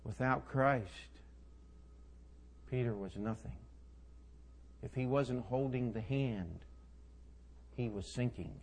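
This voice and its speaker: A male preacher delivering a sermon, retelling scripture with folksy asides and dramatic swings between soft and loud. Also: mid-range voice, slow pace, long pauses, slight background noise.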